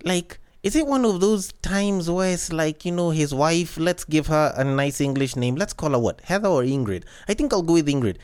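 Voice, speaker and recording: A man hosting his own podcast, rambling through cheeky, joking stories. His voice sits a touch high for a man. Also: expressive, normal speed, few pauses, darkish tone, smooth. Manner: cheeky, joking, tangent-prone storytelling. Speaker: podcast host. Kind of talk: casual solo podcast monologue.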